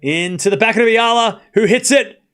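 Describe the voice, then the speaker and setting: High-voiced excitable male tennis streamer. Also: moderate pace, clear, resonant tone, faint music behind. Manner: excitable, talks straight to chat, bursts of shouting at big points; casual and chatty, with slang and asides. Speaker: streamer doing live tennis commentary. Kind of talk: live watchalong play-by-play commentary.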